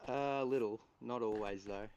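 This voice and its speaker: A man's voice: medium pitch, moderate pace, darkish tone, slight background noise. A man with an Australian accent speaking through his phone in a voice chat, giving brief, plain replies. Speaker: stream chat guest. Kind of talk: casual voice chat. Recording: dull phone-mic audio.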